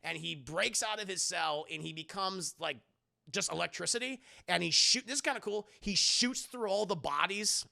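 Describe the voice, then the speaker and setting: A man's voice: high voice, moderate pace, vocal fry, bright, forceful tone. A man giving a sarcastic, profane spoiler recap of a film to his stream chat, acting out the characters' lines as he goes. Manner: sarcastic, profane, acts out quotes; addresses chat directly. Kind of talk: casual spoiler review recap.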